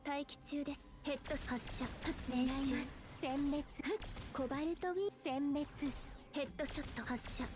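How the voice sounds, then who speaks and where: Game gunner girl voiced by a woman: high, quick, clipped battle calls over loud music. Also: close to an everyday voice. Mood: focused. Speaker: game character combat voice lines.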